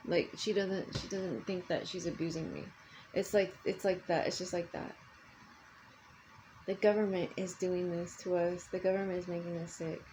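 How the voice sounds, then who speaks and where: A woman's voice: on the low side, fairly even intonation, normal speed, dark tone, a little hiss or hum, poor audio. An older woman in a personal vlog, ranting angrily and swearing often. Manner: angry profane ranting.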